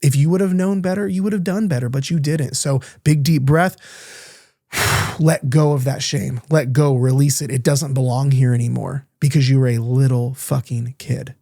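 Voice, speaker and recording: A man's voice: medium pitch, fairly even intonation, moderate pace, gravelly, mellow, no room sound, clean studio sound. A young adult man hosting a podcast, talking candidly and earnestly in a casual coaching monologue, swearing now and then. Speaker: podcast host.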